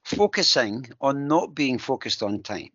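A man's voice: medium pitch, animated, measured pace, a bit bright, no echo. A man co-hosting a podcast in casual chat, upbeat and encouraging. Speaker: podcast co-host. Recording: dull lo-fi sound.

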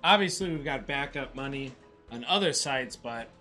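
A man co-hosting a slot stream, chatting casually with rowdy, profane excitement and hyping up the chat. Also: mid-range voice, normal speed, faint music behind.

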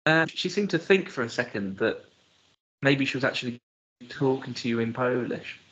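A man's voice: mid-range voice, animated, moderate pace, a bit bright, breathy edge, muffled recording. A man co-hosting a podcast in casual chat, joking and slipping into silly voices. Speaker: podcast co-host.

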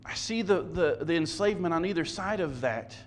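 A man's voice: on the high side, animated, a little fast, a little hiss or hum. A man preaching a sermon as pastor, conversational and self-deprecating, often stumbling and repeating words.

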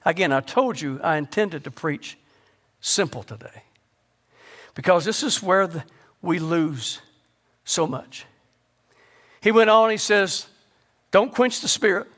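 A male pastor preaching a sermon, asking the congregation questions and sinking to a low hush to stress a point. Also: expressive, takes it slowly, long pauses. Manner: rhetorical questions, sudden drops to a low hush for emphasis.

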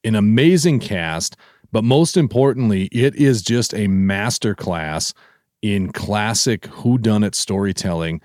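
A man's voice: fairly low pitch, a little slow, a little mellow, no echo, clean studio sound. A man co-hosting a podcast, chatting casually and enthusiastically, rambling with lots of fillers. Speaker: podcast co-host. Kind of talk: casual chat.

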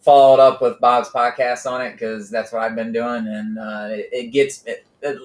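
A man's voice: medium pitch, flat delivery, moderate pace. A man hosting a podcast, chatting casually in an easygoing way. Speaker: podcast host. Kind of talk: casual chat. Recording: roomy sound with faint background noise.

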